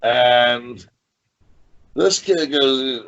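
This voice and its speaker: Gravelly male wrestler telling a story. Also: mid-range voice, moderate pace, muffled recording. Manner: lively storyteller who repeats phrases. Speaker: guest, professional wrestler. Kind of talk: storytelling in a podcast interview.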